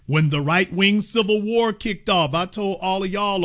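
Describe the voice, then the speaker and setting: A middle-aged man hosting a heated political monologue, emphatic and sarcastic, taunting with loud outbursts and low asides. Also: normal speed. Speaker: political commentary host.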